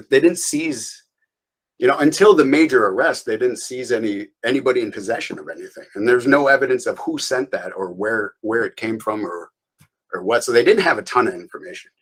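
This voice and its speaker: A man's voice: medium pitch, fairly bright tone, low-quality recording. Laid-back man telling his story. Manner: loose and rambling, frequent restarts and laughs. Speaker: interview guest. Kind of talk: casual storytelling interview.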